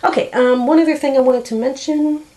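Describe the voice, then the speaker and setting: A woman's voice: high voice, steady tone, fairly quick, dark tone, poor audio. A woman in her forties chatting casually to the camera, rambling and often searching for words. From Canada. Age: 40s. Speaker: vlogger.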